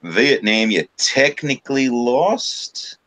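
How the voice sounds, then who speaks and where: A man's voice: medium pitch, lively intonation, slow pace, sharp tone. A man co-hosting a live stream, rambling casually with plenty of swearing and filler. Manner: profane, rambling storyteller. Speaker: stream co-host. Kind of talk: casual chat.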